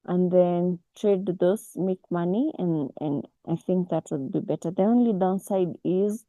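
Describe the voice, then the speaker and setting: A woman, teaching a casual online forex class over a video call, unhurried and full of restarts. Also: lowish voice, mellow, dry recording, rough recording. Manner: unhurried, with many restarts and fillers. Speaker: forex mentor.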